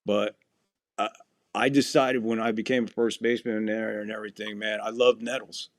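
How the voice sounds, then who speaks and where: On a dry, clean studio recording, a low-voiced podcast host speaks at a moderate pace. He tells stories casually with plenty of swearing, animatedly acting out the quotes.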